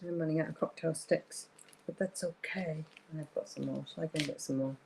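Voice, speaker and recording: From her craft table at home, a woman live-streams a craft tutorial, thinking aloud while she paints and apologizing often. Her deep voice holds a steady tone, moves fairly quickly, and carries vocal fry. Background noise can be heard.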